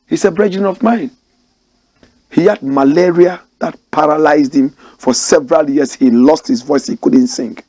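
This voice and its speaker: A man's voice: a little high, a little mellow, dry recording. A man from Ghana, telling a story and preaching opinions directly to his listeners. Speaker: commentator and host. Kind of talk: passionate storytelling commentary.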